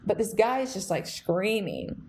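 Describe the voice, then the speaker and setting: A woman's voice: mid-range voice, big pitch swings, measured pace, a little mellow, a little hiss or hum. A young adult woman hosting a podcast, telling a story in an earnest, rambling way full of fillers and restarts. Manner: gets emotional, close to tears. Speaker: podcast host. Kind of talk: reflective storytelling monologue.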